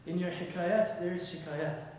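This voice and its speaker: A man voicing a stern old male sheikh who speaks slowly and quietly. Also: sits high, steady tone, a little hiss or hum, voice pushed down, natural voice. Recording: echoey hall, heard from far off.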